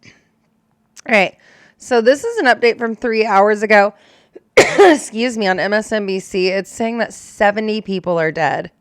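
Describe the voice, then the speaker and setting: A woman's voice: medium pitch, lively intonation, normal speed, clean tone, no room sound, studio quality. A young adult woman who is a storm chaser, talking candidly and emotionally in a casual reaction chat, swearing and using lots of fillers.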